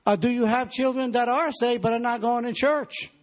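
A man's voice: very high-pitched, fairly even intonation, moderate pace. A man preaching a sermon in a church, exhorting the congregation and calling for their responses.

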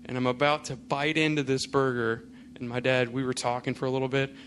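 A man's voice: mid-range voice, level tone, brisk, fairly bright tone, slight background noise. Casual, storytelling male pastor. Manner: casual storytelling, many fillers. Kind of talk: sermon with personal anecdote.

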